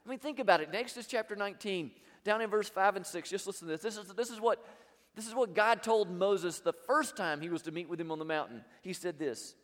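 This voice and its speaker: A man preaching a sermon as pastor, emphatic, with big swings between loud and quiet. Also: sits high, fast talker, big-room sound.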